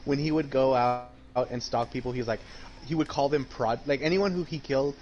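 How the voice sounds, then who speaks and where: A man's voice: mid-range voice, fairly quick, lo-fi sound. A man co-hosting a casual podcast chat, swearing and laughing as he rambles. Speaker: podcast co-host.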